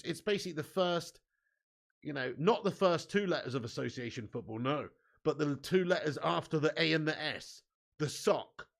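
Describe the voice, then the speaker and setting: A man hosting a live football watch-along, excitably commentating and reading out viewer comments with casual swearing. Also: mid-range voice, vocal fry.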